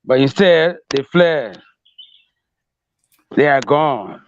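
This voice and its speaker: A man's voice: medium pitch, animated, drawn-out words, lo-fi sound, slight background noise. A man reporting news as a correspondent, hesitant, with many fillers and restarts.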